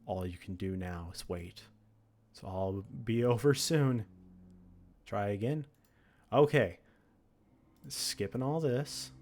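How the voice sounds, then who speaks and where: Guy reading a horror text game out loud, low voice, laughs and reacts, faint music behind. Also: slow pace, long pauses. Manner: dramatic narration broken by laughs and reactions. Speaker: game streamer.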